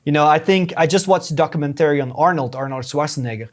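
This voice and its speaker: A man's voice: fairly high pitch, fast talker. A young man with a non-native English accent, a podcast guest giving casual advice, earnest and explaining step by step with many restarts. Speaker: podcast guest, YouTube strategist.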